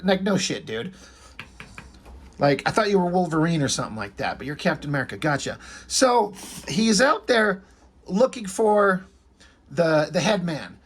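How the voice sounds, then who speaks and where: A man's voice: on the high side, sing-song, normal speed, long pauses, a bit bright, a little hiss or hum. A man casually talking through an old comic, rambling and swearing as he goes. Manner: rambling, swears, reads comic lines aloud. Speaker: comic book reviewer. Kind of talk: casual comic review chat.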